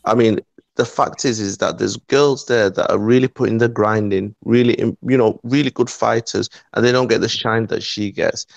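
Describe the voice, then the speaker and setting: A British man with a fairly low voice lays out his argument in a steady, measured way. The sound is dry and close, with no room around it. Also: vocal fry, no room sound. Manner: measured, opinionated analysis. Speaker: podcast co-host. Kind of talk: casual chat about MMA.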